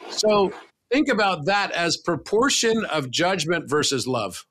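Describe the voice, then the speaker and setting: A man with a fairly high voice speaks as a guest on a talk podcast. His delivery is earnest and emphatic, and he lets a casual swear word slip now and then. The tone stays reflective and conversational. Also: big pitch swings, unhurried, a bit bright.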